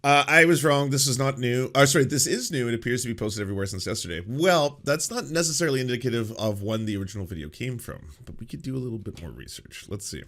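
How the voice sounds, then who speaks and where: A man's voice: medium pitch, animated, fast, few pauses, fairly bright tone. A man hosting a political commentary show, reacting to clips in a sarcastic, laughing way.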